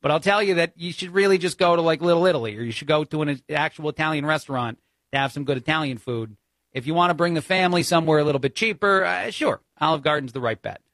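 A man's voice: a little high, fast, fairly bright tone, no room sound. A man from New Jersey with a New York accent, filling in as a talk radio host with a chatty political monologue. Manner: conversational, frequent uh fillers.

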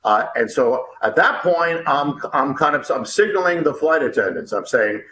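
A man telling his own story as a guest, stopping and restarting and repeating words as it pours out. His voice sits a little high for a man and comes across bright and forceful. The echoey room carries a faint ambient hum behind him. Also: expressive, normal speed. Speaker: author and guest. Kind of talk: animated first-person storytelling.

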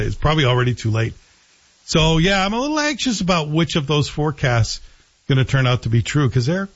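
Guy hosting talk radio, chatty and jokey, a bit muffled like an on-air feed. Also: medium pitch. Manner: chatty, jokey, animated storytelling. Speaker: radio talk show host.

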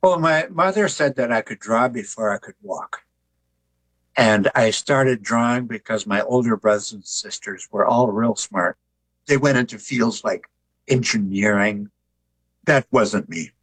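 Husky older man telling stories. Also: fairly low pitch, a little slow, poor audio. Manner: relaxed storyteller who jokes. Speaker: author and artist, interview guest. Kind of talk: conversational interview storytelling.

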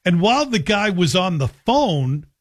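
A man's voice: high-pitched, sing-song, unhurried. A middle-aged man hosting a talk radio show in a chatty, joking monologue. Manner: chatty, joking, self-deprecating. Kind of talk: casual monologue.

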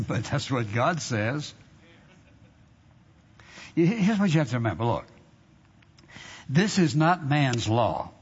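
A man's voice: medium pitch, slightly rough. A man preaching a sermon as pastor, emphatic and conversational, repeating phrases and prompting the congregation for amens. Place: church sanctuary. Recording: dull reverberant hall recording.

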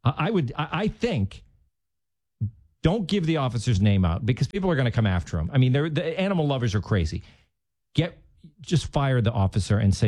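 Mellow-voiced male talk radio host. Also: medium pitch, very animated, no echo. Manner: musing, halting, with restarts. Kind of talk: casual talk radio commentary.

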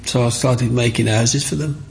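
An older man with a gravelly, creaky voice. He tells his stories with animated warmth, at an ordinary pitch, and now and then slips into other people's voices. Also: moderate pace, slight background noise. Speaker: interviewee. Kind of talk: storytelling interview.

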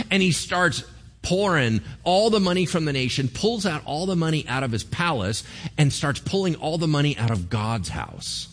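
A man's voice: fairly high pitch, very animated, moderate pace, fairly bright tone. A man preaching a sermon in a casual, conversational way, with slang and playful asides. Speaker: pastor.

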